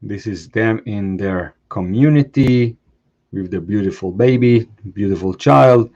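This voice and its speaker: A man's voice: on the low side, measured pace, a little mellow, muffled recording. A man hosting a show, reading a post aloud in short phrases and adding brief comments of his own. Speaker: host.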